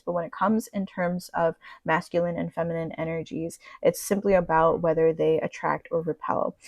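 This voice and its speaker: Non-binary tarot reader, casual pick-a-card reading, gravelly fry, dry close sound, chatty, gushing. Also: mid-range voice, no echo, poor audio. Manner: chatty and gushing, many fillers and laughs; soft spiritual talk.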